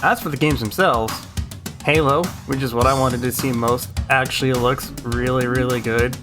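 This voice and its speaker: Young male gaming host, sarcastic and excitable, over loud background music. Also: medium pitch, normal speed. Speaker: gaming YouTuber. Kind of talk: comedic recap commentary. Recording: music playing under the voice.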